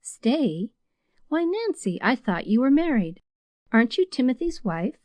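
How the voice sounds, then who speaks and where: A woman's voice: a little high, big pitch swings, a little slow, a little mellow, dry recording, voice pushed up. Woman voicing Pollyanna, a tearful earnest girl. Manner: tearful, pleading. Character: earnest teenage girl, tearful but cheerful.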